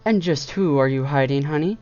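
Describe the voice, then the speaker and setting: A man's voice: a little high, fairly quick, a little mellow, lo-fi sound, voice pushed up, close to an everyday voice. A man doing a regal, teasing pony princess.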